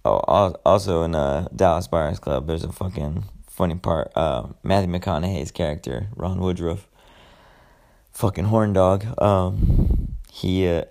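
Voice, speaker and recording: Young male podcast host, deep gravelly voice, loose and foul-mouthed, lots of ums. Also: a little mellow. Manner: rambling, profane, frequent filler words. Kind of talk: casual solo podcast monologue.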